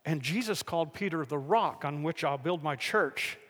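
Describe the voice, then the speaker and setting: Guy preaching, high-ish voice, lively storyteller, long hall reverb. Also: brisk, few pauses. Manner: animated storytelling, acts out the figures in the stories. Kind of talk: sermon.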